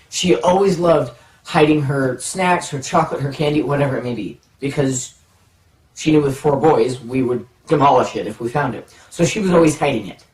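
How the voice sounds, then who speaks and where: A man telling a childhood story in an animated, playful way, dragging out pauses for suspense. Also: a little high. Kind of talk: personal anecdote storytelling. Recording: roomy, from a distance.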